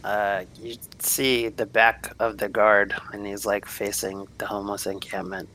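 Male game master, low and bright voice, faint hiss behind, casual narration. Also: flat delivery, unhurried, poor audio.

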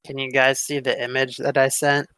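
A man's voice: mid-range voice, monotone, normal speed, sharp tone, clean tone, no room sound, poor audio. A man running a tabletop game as game master, talking in a laid-back, casual way with some swearing.

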